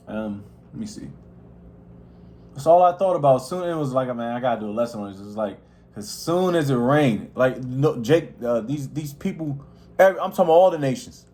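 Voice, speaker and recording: A man leads a casual scripture lesson, talking in loose street slang and often restarting his sentences. His voice sits a little high for a man and carries easily. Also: lively intonation, normal speed, pauses often, mellow. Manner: slangy, rambling, many restarts. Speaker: Bible teacher.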